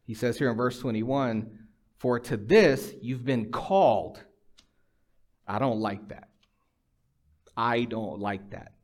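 A man's voice: medium pitch, slow, pauses often, darkish tone. Emphatic middle-aged male preacher. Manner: conversational, emphatic preaching with storytelling and dry humor. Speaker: pastor. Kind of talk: sermon.

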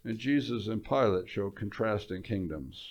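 A male preacher giving a sermon, telling the story in an animated way, repeating words and dropping quiet for emphasis. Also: lowish voice, normal speed.

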